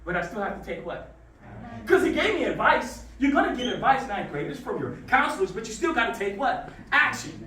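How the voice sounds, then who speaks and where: High, lively motivational speaker. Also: male voice, a little fast, slight background noise. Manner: lively call-and-response storytelling. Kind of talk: motivational talk to students. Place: school classroom. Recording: echoey room from far off.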